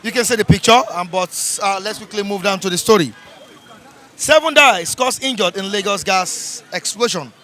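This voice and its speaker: A man reviewing the newspaper front page, reading each headline twice in a slow, emphatic way. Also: sits high, sharp tone, a faint crowd. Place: outdoors in a city.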